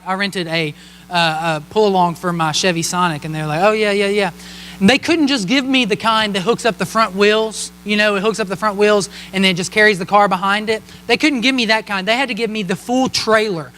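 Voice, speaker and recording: A young man in his twenties, a pastor telling a joking personal story in a sermon, animated and playful. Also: sits high, slight background noise. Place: church hall. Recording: long hall reverb.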